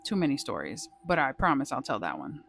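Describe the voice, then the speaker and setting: A woman vlogger casually telling a ghost story, swearing freely in a lively, dramatic way. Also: very deep voice, fairly quick, gravelly, soft background music.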